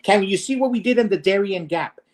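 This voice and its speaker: A man's voice: high-pitched, brisk. A man lecturing and arguing in a heated political debate, combative and profane, firing off rhetorical questions.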